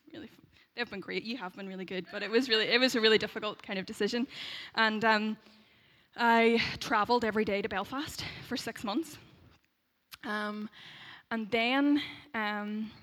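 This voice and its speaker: A woman in her thirties from Derry with a Northern Irish accent, telling a personal faith testimony in an animated way, laughing as she goes and acting out the voices she quotes. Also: medium pitch, normal speed. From Derry, Northern Ireland. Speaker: speaker sharing a faith testimony.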